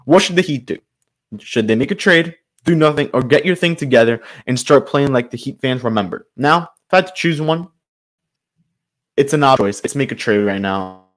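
A man's voice: medium pitch, expressive, normal speed. Man ranting about his team. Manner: frustrated, ranting, loosely improvised with fillers. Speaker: sports channel host. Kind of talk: solo sports commentary rant.

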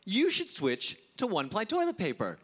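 A man's voice: high voice, wildly swooping pitch, normal speed. A man quoting a female friend as a chirpy woman who gives eco advice in a helpful, matter-of-fact way. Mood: advising. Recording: live club set with loud audience and noise.

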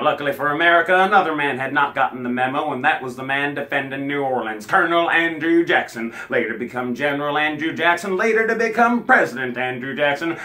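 A man's voice: on the high side, bright, forceful tone. A man telling a comic history tale and singing folk songs, wisecracking as he goes. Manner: wisecracking, breaks into song. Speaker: folk singer and storyteller.

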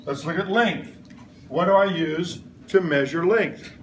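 A middle-aged man leads a classroom science lesson, firing playful questions at the class and waiting for them to answer back. His voice sits high for a man. Steady classroom noise hums behind him. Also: unhurried, roomy sound, recorded from a distance. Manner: call-and-response questioning, playful. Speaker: science teacher. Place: elementary school classroom.

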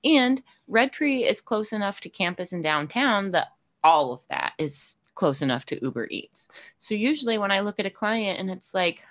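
A woman co-hosts a casual group chat podcast, telling animated stories and acting out what people said, in a medium-pitched voice at normal speed.

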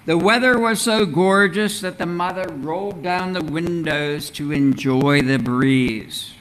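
A man preaching a sermon as pastor in a church, in a measured, earnest way with rhetorical questions. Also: a little high, a bit bright, rough recording. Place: church sanctuary.

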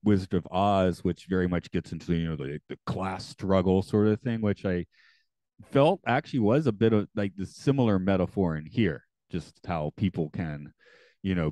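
A man co-hosting a podcast in casual chat, relaxed and rambling with a wry humor. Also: low-pitched, moderate pace, dry recording. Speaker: podcast co-host.

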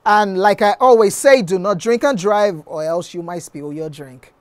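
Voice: medium pitch, moderate pace, no echo. A TV talk show host, playful and teasing, running the segment and signing off. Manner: playful, teasing, sign-off patter.

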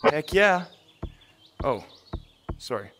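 A man streaming a VR game, commentating loudly, shouting and laughing as he plays, a bit out of breath. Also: fairly high pitch, sing-song, extremely slow, background noise. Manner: hyped, shouting and laughing while playing. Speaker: gaming livestreamer. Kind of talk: excited livestream commentary.

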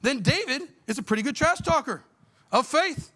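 A man's voice: very high-pitched, expressive, moderate pace, pushed and bright. A middle-aged male pastor preaching a sermon in a fiery, emphatic way, blunt and folksy, throwing out rhetorical questions to the congregation.

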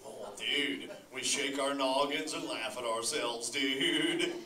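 A man's voice: mid-range voice, slow pace, a crowd in the background, lightly acted. A man playing a laid-back surfer-dude sea turtle dad who says "dude" constantly and laughs a lot while chatting with a live audience. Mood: stoked, laid-back. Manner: lively, laughs often, talks straight to the audience. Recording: echoey hall, voice from far off.

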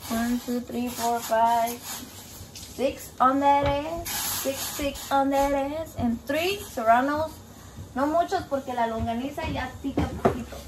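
High-voiced, foul-mouthed woman. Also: slight background noise. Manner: crude, profane, animated storytelling. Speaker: home cook filming a recipe video. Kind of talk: casual cooking vlog chat. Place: home kitchen.

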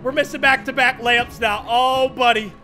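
A man giving live, excitable commentary over a basketball video game, often shouting at big plays. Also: very high-pitched, moderate pace, faint music behind. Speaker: gaming YouTuber.

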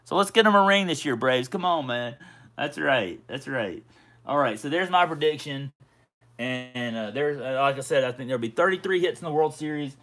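A man's voice: a little high, a little fast, a bit bright. A middle-aged man hosting a casual livestream, chatting and reading viewer comments aloud. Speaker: livestream host.

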